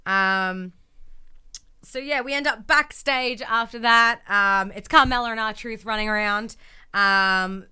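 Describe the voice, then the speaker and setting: Female podcast co-host, chatty storyteller, crisp and bright tone. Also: a little high, slow pace. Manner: chatty, lots of ums, acts out quotes in voices. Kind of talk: casual wrestling recap chat.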